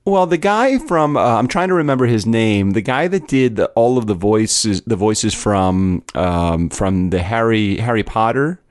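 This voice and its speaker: A man's voice: lowish voice, lively intonation, a little slow, hardly any pauses, dry recording, studio quality. A man co-hosting a podcast in casual banter, rambling and chuckling as he looks for words. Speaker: podcast co-host.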